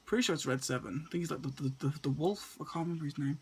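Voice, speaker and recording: A man's voice: on the high side, very fast, a little mellow, slight background noise. A man, stuttering and restarting often as he casually talks through a list of movies to his camera. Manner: stutters and repeats words often. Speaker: movie vlogger.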